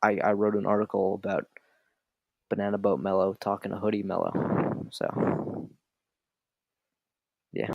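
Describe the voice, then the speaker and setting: Gravelly-voiced dry podcast co-host man. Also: lowish voice, monotone, a little slow, long pauses, no echo, narrow, tinny audio. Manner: dry, wry, tired and yawning. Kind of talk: casual podcast chat.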